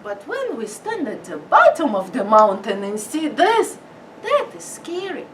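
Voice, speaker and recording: Lively woman lecturer, very high pitch, expressive, distant mic with faint noise. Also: unhurried. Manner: emphatic, theatrical, acts out quotes. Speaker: parenting lecturer. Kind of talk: animated public lecture.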